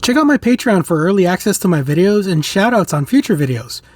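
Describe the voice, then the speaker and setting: A man's voice: high voice, very animated, brisk, darkish tone, no echo. A middle-aged man hosting a toy review channel, narrating from a script in an enthusiastic, nostalgic, earnest way.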